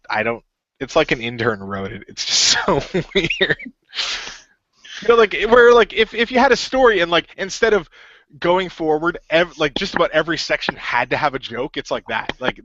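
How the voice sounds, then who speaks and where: A man with a fairly high, very animated voice chats casually as a podcast co-host, rambling and packing his sentences with fillers. The recording sounds dull and dry, with no room echo. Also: a little fast. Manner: rambling, filler-heavy, full of "like". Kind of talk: casual chat.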